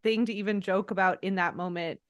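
Woman podcast co-host, mid-pitch, blunt and opinionated, dry close sound. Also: steady tone, a little fast, a bit bright, no echo. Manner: opinionated, blunt, swears casually. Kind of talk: casual recap chat.

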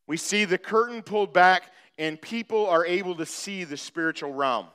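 Guy preaching, acts out the bible story, kinda high voice, real smooth. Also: normal speed. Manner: animated storytelling, acting out the scripture. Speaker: pastor. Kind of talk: sermon.

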